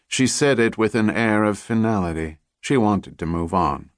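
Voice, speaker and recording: Male audiobook narrator, low voice, dry studio sound, measured thriller read. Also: no echo.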